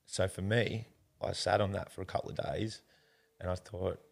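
Gravelly deep-voiced Australian man. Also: steady tone, moderate pace. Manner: rambling, earnest, calls the host mate. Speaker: interview guest. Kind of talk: casual storytelling interview.

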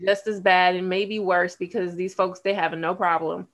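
A woman's voice: on the low side, little pitch movement, normal speed. A woman co-hosting a casual talk show, blunt and candid, laughing as she talks. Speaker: podcast co-host. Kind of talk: casual chat.

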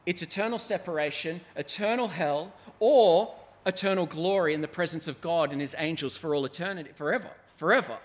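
A man's voice: high-pitched, fairly bright tone. A man pastor, from Australia, preaching a sermon in an earnest, conversational way, acting out quotes as he goes.

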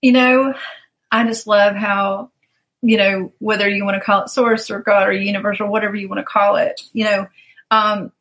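A woman's voice: medium pitch, level tone, normal speed, a bit bright, low-quality recording. A woman coach telling stories in a casual interview, animatedly acting out the people she quotes and laughing often.

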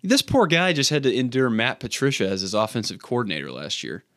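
A man's voice: medium pitch, big pitch swings, fairly quick, a bit bright, no echo. A man co-hosting a sports podcast, reading a punny recap, then chatting with fillers and restarts. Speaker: podcast co-host. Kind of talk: casual sports chat with scripted recap.

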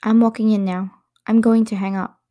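A woman reading as a gentle worried boyfriend. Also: mid-range voice, level tone, normal speed, lightly acted. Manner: soft, reassuring.

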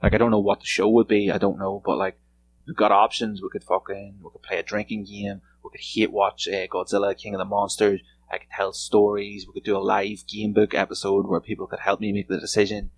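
A man's voice: fairly low pitch, little pitch movement, brisk, slight background noise, poor audio. A man hosting a solo podcast from a room at home, rambling casually and swearing freely. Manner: rambling, profane and laid-back. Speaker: podcast host.

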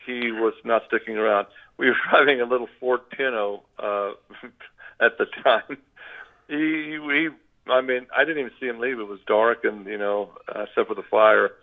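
Older man with a gravelly voice on a tinny phone line. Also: medium pitch, steady tone, normal speed. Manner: rambling, with frequent restarts. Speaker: guest. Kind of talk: storytelling.

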